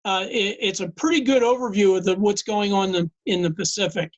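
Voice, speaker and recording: An older man with a scratchy voice giving a classroom lecture and answering questions, halting with many fillers. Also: sits high, steady tone. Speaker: guest lecturer.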